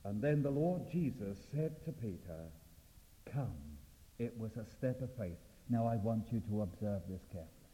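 A male preacher giving an evangelistic sermon, swinging from loud exclamations to hushed, intimate appeals. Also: fairly low pitch, expressive, normal speed. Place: church or meeting hall. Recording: reverberant, dull lo-fi hall recording.

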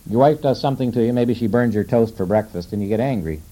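Guy preaching, low very dark voice, chatty, keeps asking the room questions. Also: low-quality recording. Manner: conversational, asks the audience questions; slows down to quote scripture. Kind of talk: sermon.

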